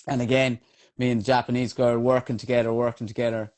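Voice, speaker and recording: Animated Irish man telling race stories. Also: mid-range voice, fast. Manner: animated, swears freely, many fillers. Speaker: trail runner guest. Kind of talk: casual podcast storytelling.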